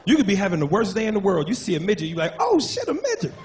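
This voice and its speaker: A man doing a crude, animated stand-up comedy set on a club stage with a handheld mic. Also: high voice, racing, crowd noise. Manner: crude, animated, profane jokes. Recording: noisy live club recording. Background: audience laughter.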